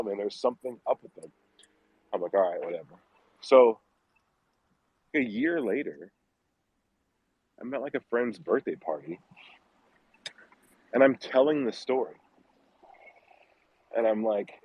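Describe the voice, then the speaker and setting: A man's voice: mid-range voice, breathy edge. A man telling a creepy personal story in casual chat, acting out the people in it. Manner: animated, acts out dialogue in his story. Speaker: storyteller guest. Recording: dull lo-fi audio.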